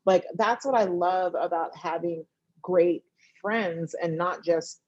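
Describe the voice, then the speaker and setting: A woman in her thirties, a TV writer and director, talking casually as a guest and acting out her friends in sudden high-pitched bursts. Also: takes it slowly, breathy edge, no room sound, muffled recording. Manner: animated, acts out friends' voices in high bursts, laughs often. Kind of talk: casual conversation.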